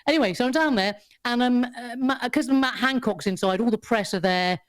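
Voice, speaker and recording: A woman, a podcast guest who tells a story in casual chat, animated, swearing freely and laughing often. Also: fairly high pitch, normal speed.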